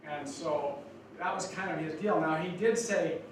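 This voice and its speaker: A man's voice: a little high, a little slow. Casting note: older male speaker, rambling and folksy, recorded far off in an echoey room with noise behind. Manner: folksy, rambling with many restarts. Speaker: guest speaker. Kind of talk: speech to students. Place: college lecture room. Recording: echoey hall from far off, noisy.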